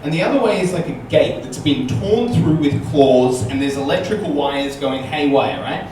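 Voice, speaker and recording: Male comedian, fairly high lively voice, live stand-up storytelling, echoey distant room recording with noise. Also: normal speed. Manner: animated, punctuates with "right?". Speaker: comedian guest. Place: small comedy venue with audience.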